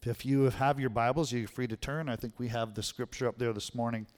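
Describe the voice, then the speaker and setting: A man's voice: mid-range voice, fairly even intonation, brisk, darkish tone, big-room sound. A male pastor giving a sermon in a conversational way, often checking in with the congregation. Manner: conversational preaching, frequent "right?" check-ins. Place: church sanctuary.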